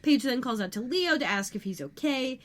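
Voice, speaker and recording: A woman co-hosting a podcast, chatting casually as she recaps scenes of a TV episode with quick asides. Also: sits high, animated, a bit bright. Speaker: podcast co-host.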